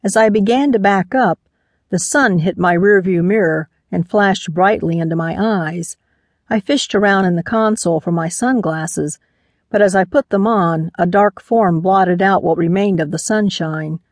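A woman's voice: on the low side, normal speed, no echo. A woman narrating a first-person mystery audiobook, lending voices to the characters.

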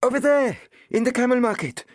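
A man voicing an excited small boy who pants out his news in a high voice. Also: a little fast, no room sound, clean studio sound. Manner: breathless and high.

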